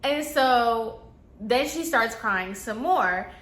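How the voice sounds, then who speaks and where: A woman's voice: a little high, expressive, slow pace, a bit bright. A woman telling a casual storytime about a coworker, chatty and full of fillers. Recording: echoey room.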